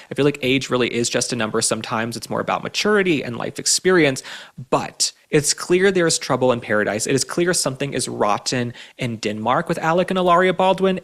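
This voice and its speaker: A man's voice: mid-range voice, fairly bright tone. A man hosting an opinionated pop culture commentary show. He speaks emphatically and keeps tagging his points with "okay?". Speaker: host.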